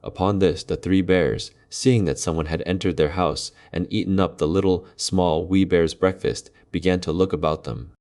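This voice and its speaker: Deep-voiced man reading a fairy tale. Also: steady tone, normal speed, hardly any pauses, a little mellow. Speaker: storyteller.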